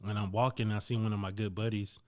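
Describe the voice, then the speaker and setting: A man hosting a podcast, telling a story casually and acting out the voices of people in it with big jumps in pitch. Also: little pitch movement, fast. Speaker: podcast host.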